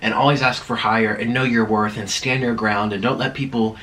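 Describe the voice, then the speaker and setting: A man's voice: on the low side, steady tone, brisk, sharp tone. A man chatting casually while eating on camera, rambling and laughing at himself. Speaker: mukbang vlogger.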